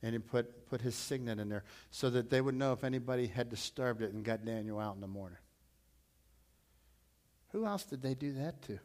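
A middle-aged male pastor preaching a storytelling sermon, repeating himself and swelling loud when he quotes scripture. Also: medium pitch, fairly quick.

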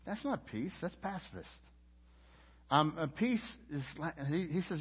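A man preaching a sermon as pastor, earnest, repeating words, swinging from fervent high peaks to quiet low stretches. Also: lively intonation, normal speed, breathy edge. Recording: dull lo-fi sound with long hall reverb.

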